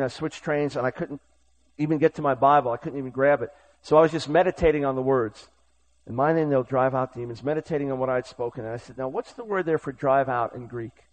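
A man preaching a sermon with urgent, impassioned delivery, swinging from loud exhortation to hushed storytelling. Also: mid-range voice, rough recording.

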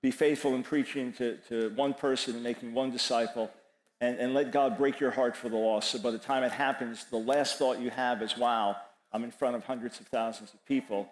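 A man's voice: mid-range voice, steady tone, a little fast, echoey room, poor audio. A man, preaching and taking audience questions, emphatic and repeating his phrases as he quotes scripture. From New York. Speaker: speaker answering audience questions.

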